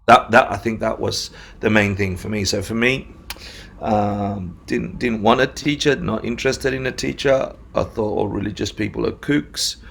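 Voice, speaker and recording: Gravelly-voiced man, Australian-Argentine accent. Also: lowish voice, moderate pace, slight background noise. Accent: Australian-Argentine mix. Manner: animated storyteller, laughs often. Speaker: meditation teacher, guest. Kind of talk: casual interview talk.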